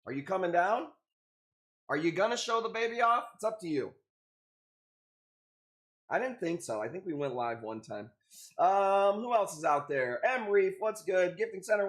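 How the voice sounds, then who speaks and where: A man hosting a casual live stream, upbeat and greeting viewers by name as he chats. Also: sits high. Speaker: live-stream host selling corals.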